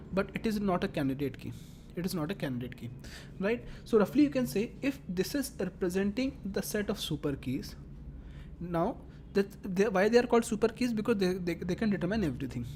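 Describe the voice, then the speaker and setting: A woman's voice: mid-range voice, darkish tone, a little hiss or hum. A woman teaching a lecture, explaining step by step and repeating her phrases as she works through examples. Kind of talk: classroom lecture.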